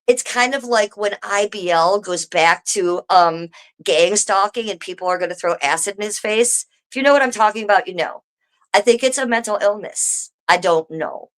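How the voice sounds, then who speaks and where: A woman live streaming from home, talking straight to her viewers in a casual, swearing rant. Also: medium pitch. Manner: swearing, animated, talks to viewers directly.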